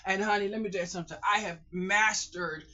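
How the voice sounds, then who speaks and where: Middle-aged woman, emphatic casual vlog advice, bright edge, dull lo-fi sound, in pain. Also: medium pitch, fairly even intonation, brisk. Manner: emphatic, repeats phrases, calls viewers "boys and girls" and "honey". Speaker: vlogger. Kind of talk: casual life-advice monologue.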